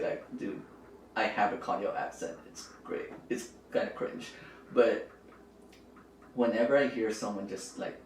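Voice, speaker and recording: Young filipino guy, low voice, laid back chatty, kinda far off in a roomy room with faint hiss. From Philippines. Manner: relaxed, playful, with frequent likes and hedges. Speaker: podcast guest. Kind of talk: casual chat. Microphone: camera microphone, not the podcast mic. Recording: roomy audio from a distant camera mic.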